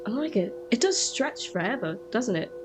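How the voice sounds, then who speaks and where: Woman game streamer, chatty, excitable, lively, high voice, loud game music. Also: normal speed. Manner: chatty, excitable, echoes game text aloud. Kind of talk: casual gaming chat.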